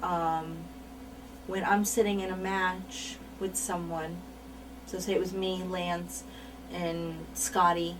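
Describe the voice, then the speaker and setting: A woman's voice: fairly low pitch, flat delivery, slow pace. A woman being interviewed about her wrestling career, talking frankly and repeating words for emphasis. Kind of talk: candid shoot interview storytelling. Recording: mic at a distance, faint noise.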